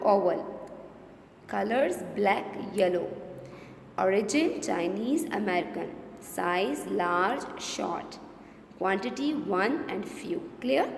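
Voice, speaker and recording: A woman's voice: medium pitch, vocal fry, darkish tone, a little hiss or hum. Pakistani-accented woman teacher, echoey room. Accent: Pakistani English. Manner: repeats words slowly, asks rhetorical check questions. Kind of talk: classroom revision lesson. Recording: echoey room with long reverb.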